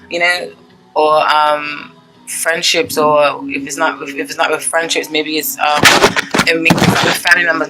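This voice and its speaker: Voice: mid-range voice, bright, forceful tone, a little hiss or hum, rough recording. A tarot reader in a casual, rambling style who keeps checking in with viewers by asking "okay?" and reads card meanings aloud between asides. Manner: chatty, rambling, many "okay?" check-ins.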